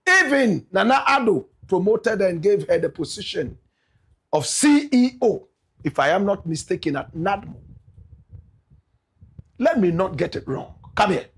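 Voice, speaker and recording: A man with a Ghanaian accent giving animated political commentary. He is emphatic, often addresses listeners as "my brother, my sister" and bursts into shouts. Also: high voice, a little slow, long pauses, breathy edge.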